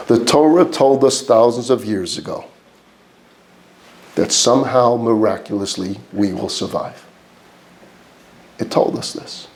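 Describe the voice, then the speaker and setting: Animated rabbi with a New York accent. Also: male voice, on the low side, measured pace, long pauses. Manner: animated, asks the class rhetorical questions and answers them; builds points through repeated lists. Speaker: rabbi teaching a class. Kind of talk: lecture to a live class.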